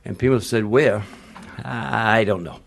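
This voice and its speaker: A man's voice: fairly low pitch, measured pace, vocal fry. Blunt rambling older man. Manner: blunt, rambling, restarts mid-sentence, salty language. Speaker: guest, retired basketball coach. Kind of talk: casual interview storytelling.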